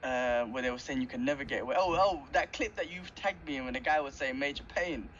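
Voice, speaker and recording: A man's voice: mid-range voice, fast talker, fairly bright tone. A man co-hosting a podcast, chatting animatedly about cartoons and laughing often. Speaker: podcast co-host. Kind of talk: casual chat. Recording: slightly dull audio with faint background noise.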